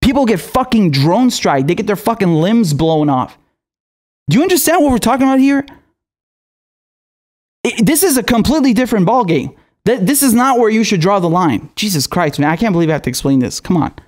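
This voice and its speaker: Host, male, higher register; exasperated, swearing commentary rant. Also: big pitch swings, a little fast. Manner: profane, exasperated, sarcastic. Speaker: political commentator. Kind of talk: angry ranting commentary.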